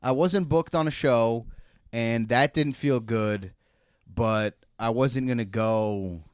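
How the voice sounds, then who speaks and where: A man co-hosts a comedy podcast in crude, casual banter. His voice sits at an ordinary pitch. He jokes fast and runs himself down. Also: smooth, no room sound, studio quality. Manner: self-deprecating, crude, quick to joke.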